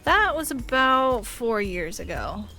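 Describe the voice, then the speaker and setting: A woman's voice: on the high side, sing-song, takes it slowly, bright, forceful tone, soft background music, full character voice. Woman reading as a teasing young circus performer.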